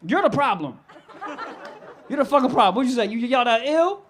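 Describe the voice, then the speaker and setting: A man's voice: very high voice, big pitch swings, a little fast, a little hiss or hum. A young man doing live stand-up comedy, brash and profane, laughing and riffing on the crowd.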